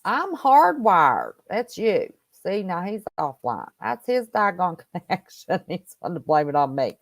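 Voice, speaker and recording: A woman's voice: fairly low pitch, expressive, a little slow, no room sound. A woman hosting a casual livestream, chatting and greeting viewers by name. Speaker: host. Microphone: home computer mic on wired connection.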